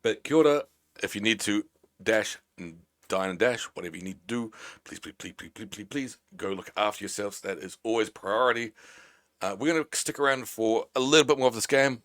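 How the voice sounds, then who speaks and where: A man's voice: on the low side, fairly quick, fairly bright tone. A man from New Zealand with a Kiwi accent, chatting playfully as a game streamer on a live stream. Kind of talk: casual live-stream chat.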